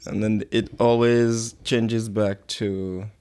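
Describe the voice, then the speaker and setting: A woman in casual podcast chat, trading jokes and quick asides. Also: extremely low pitch, fairly even intonation, mellow, clear, resonant tone.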